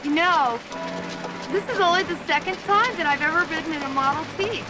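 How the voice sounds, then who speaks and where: A woman's voice: extremely high pitch, fairly quick, low-quality recording. A chatty young factory girl. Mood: cheerful. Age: young adult. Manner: chatty and bright. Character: cheerful young female factory worker, romantic dreamer. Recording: film scene with loud music behind.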